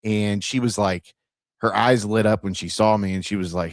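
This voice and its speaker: A man from Ohio hosting a podcast, telling stories in a loose, animated way and acting out the dialogue, with casual swearing. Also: lowish voice, normal speed, no room sound, studio quality. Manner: animated storyteller who acts out dialogue and swears freely. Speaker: podcast host.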